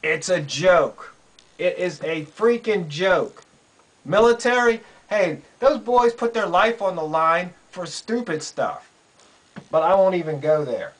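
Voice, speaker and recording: Man, high voice, slow delivery, sarcastic incredulous commentary, repeats points. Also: rough recording. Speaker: political commentary vlogger. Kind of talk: casual commentary. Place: quiet room under a roof in rain.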